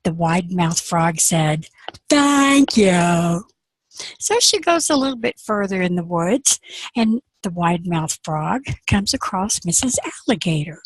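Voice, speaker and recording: A woman's voice: on the low side, expressive, moderate pace, husky, no echo, poor audio. A woman telling a folk tale in a chatty, conversational storytelling talk.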